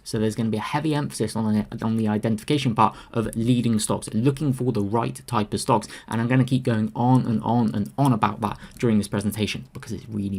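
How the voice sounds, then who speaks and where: Fast-talking man with a gravelly voice. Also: mid-range voice, darkish tone. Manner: emphatic, repeats key phrases. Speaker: trading educator. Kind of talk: screen-share presentation.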